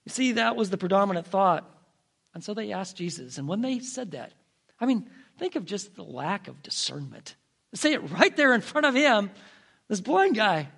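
A man preaching a storytelling sermon, dramatic, swinging between hushed, drawn-out phrases and emphatic bursts. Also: high-pitched, big pitch swings, creaky, slightly rough.

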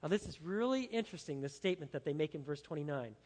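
A man's voice: a little high, animated, fast, a little mellow, long reverb tail. A man preaching an expository sermon in an emphatic, dramatic way. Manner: emphatic, dramatic, acts out the quotes. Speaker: pastor.

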